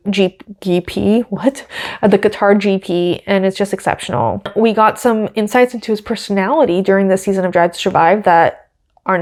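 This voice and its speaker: A young woman hosting a podcast, talking in a casual, gushing and opinionated way with lots of fillers. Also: mid-range voice. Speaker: podcast host. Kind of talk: casual chatty commentary.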